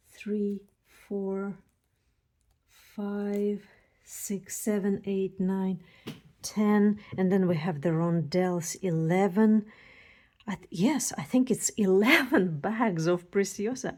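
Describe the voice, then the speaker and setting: A woman showing a beading kit and demonstrating earrings, gushing excitedly with scattered thoughts. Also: medium pitch. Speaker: beading designer and tutor. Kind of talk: casual unboxing and how-to demo.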